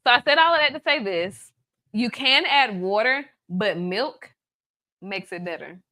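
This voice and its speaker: A woman's voice: a little high, animated, unhurried, pushed and bright. A woman from Atlanta, hosting a live cooking demo in a chatty, playful way, teasing her viewers. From Atlanta, USA. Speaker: cooking show host, baker.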